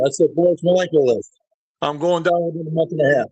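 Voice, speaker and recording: A middle-aged man with a fairly high, husky voice, guesting on a podcast. He rambles through backstage anecdotes, chuckling as he goes. The sound is close and dry. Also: normal speed, a little mellow, no echo, poor audio. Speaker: professional wrestler, guest. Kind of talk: casual storytelling interview.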